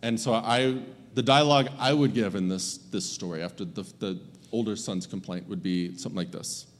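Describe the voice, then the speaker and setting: A man's voice: lowish voice, moderate pace, in a large hall. A man preaching a sermon as a pastor, speaking conversationally and acting out the characters' lines.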